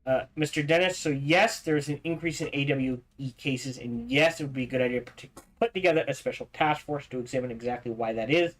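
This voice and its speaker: A man livestreaming a game, reading in-game documents aloud quickly, stumbling over words and restarting, with casual asides in between. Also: mid-range voice, rough recording. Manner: reads fast, stumbles and restarts, adds asides. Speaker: streamer.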